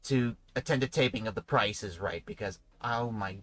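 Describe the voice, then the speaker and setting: A man's voice: on the low side, moderate pace, fairly bright tone, rough recording. A man hosting a casual livestream podcast, talking in a rambling, chatty way. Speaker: podcast host.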